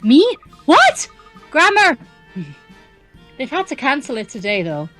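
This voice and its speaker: Woman doing a bubbly Welsh circus performer, sing-song and high, faint music under. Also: wildly swooping pitch, takes it slowly, a bit bright, heavily acted. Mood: chirpy. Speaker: voicing game dialogue.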